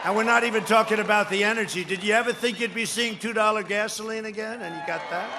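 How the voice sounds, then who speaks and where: Man giving a loud off-the-cuff rally speech. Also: high-pitched, fast, noisy background. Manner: off-the-cuff, rambling, boastful, often shouting. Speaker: politician addressing a rally. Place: large rally venue.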